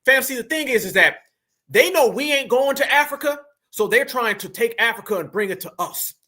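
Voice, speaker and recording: A man's voice: extremely high pitch, animated, fairly quick, bright, forceful tone. A man hosting a reaction commentary. He talks emphatically and mockingly, repeating his points straight to his audience. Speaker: commentary channel host. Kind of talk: reaction commentary on a played clip.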